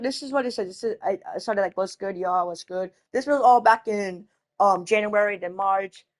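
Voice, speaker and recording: A woman's voice: a little high, dry recording, clean studio sound. A woman vlogging a casual storytelling rant, rambling, restarting herself and swearing as she retells an argument from a chat.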